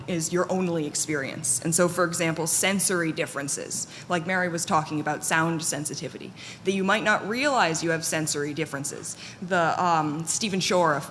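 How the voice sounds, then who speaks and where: Woman, conference panel talk, candid and self-deprecating, lowish pitch, long hall reverb, faint room noise. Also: fairly bright tone. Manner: candid, self-deprecating, with frequent fillers and restarts. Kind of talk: personal talk to an audience.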